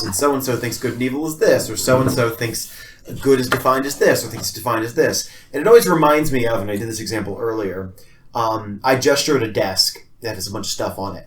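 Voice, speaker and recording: A medium-pitched man co-hosts a casual philosophy podcast, talking in an animated way, swearing often, and acting out little scenes.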